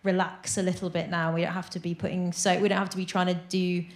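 A woman's voice: fairly low pitch, level tone, quick pace, echoey room. A woman, a sketch comedian guest, telling rambling, self-deprecating anecdotes. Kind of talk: anecdotal interview chat.

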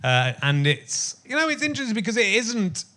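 A man's voice: high-pitched, sing-song, fairly quick, sharp tone. A man in his fifties hosting a podcast conversation, earnest and reflective as he searches for his words. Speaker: podcast host. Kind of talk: casual conversation.

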